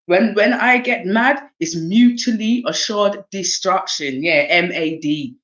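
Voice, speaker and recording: During a casual livestream chat, a woman reads oracle cards in an unhurried, mid-range voice with a South East London accent. She's animated and laughing, peppering her talk with streetwise slang and swearing, and the sound is lo-fi.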